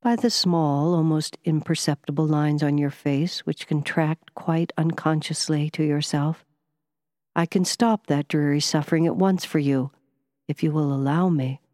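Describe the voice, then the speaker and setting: A woman voicing a calm, serious male wizard and scientist who speaks quietly and in a measured way. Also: low-pitched, dry recording, studio quality.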